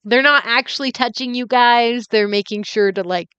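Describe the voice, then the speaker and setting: A woman's voice: fairly high pitch, moderate pace, sharp tone, clean tone, no room sound, dull audio. A woman running a tabletop game as game master, rambling with many fillers and giggling often.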